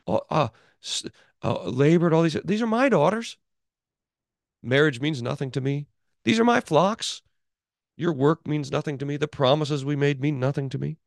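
A man's voice: fairly high pitch, expressive, moderate pace, creaky, no echo, clean studio sound, pitched above the performer's own voice. A man voicing a scheming, self-righteous older father-in-law who sounds indignant and possessive. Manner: indignant, defensive.

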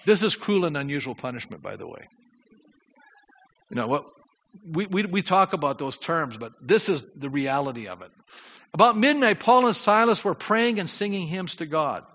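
A man preaching a sermon as pastor, lively and questioning his congregation. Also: a little high, normal speed. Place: church sanctuary. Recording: dull sound with long hall reverb.

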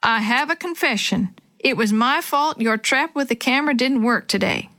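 A woman voicing a kindly, injured old male wrangler in a children's story, calm and reassuring. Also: on the high side, moderate pace, dry recording.

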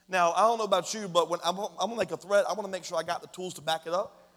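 Guy preaching a sermon, kinda high voice, super casual and slangy, big echoey church hall. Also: fast. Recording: long hall reverb.

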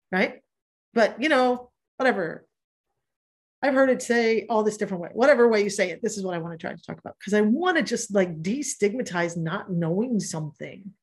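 A middle-aged woman speaks in a slightly husky voice at an ordinary middle pitch. She coaches in a candid, casual way, throwing in asides and the odd swear word. Her tone stays loose and conversational. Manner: candid, swears freely, laughs easily, quick asides. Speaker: productivity coach and podcast host. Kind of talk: casual live workshop talk.

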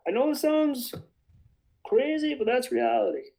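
A man's voice: extremely high pitch, animated, unhurried, gravelly, warm tone, low-quality recording. A man rambling passionately in a casual religious discussion. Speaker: bible study participant.

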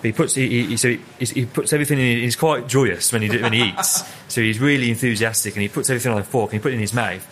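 A man's voice: mid-range voice, fast, hardly any pauses, fairly bright tone, a little hiss or hum. A young man, a head chef, chatting casually as an interview guest and telling rambling stories full of repeated words.

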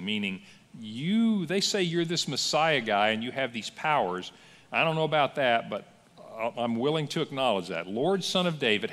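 A man preaching a sermon as pastor, telling stories with lively acted-out quotes in a church. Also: mid-range voice, in a large hall. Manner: animated storytelling with acted-out quotes. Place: church sanctuary.

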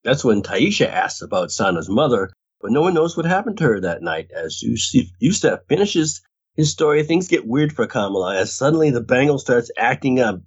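A man's voice: medium pitch, big pitch swings, a little fast, slightly rough. A man co-hosting a podcast, recapping a TV episode in casual chat and laughing often. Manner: reads recap, laughs often, mimics characters. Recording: dull lo-fi audio.

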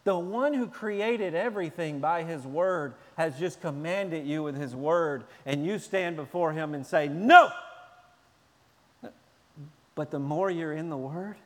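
A man preaching a sermon in an animated way, at times acting out shouting children. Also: fairly high pitch, measured pace, hardly any pauses, long reverb tail. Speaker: pastor.

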